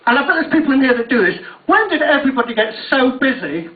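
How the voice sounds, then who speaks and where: Sweary self-mocking comic on stage. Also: male voice, extremely high pitch, big pitch swings, quick pace. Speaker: stand-up comedian. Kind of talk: stand-up comedy routine. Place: on stage at a university venue. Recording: tinny, distant, echoey live recording.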